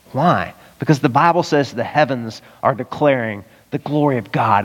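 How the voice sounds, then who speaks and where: A man pastor preaching an animated sermon, acting out voices with sudden jumps in pitch. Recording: long reverb of a church hall.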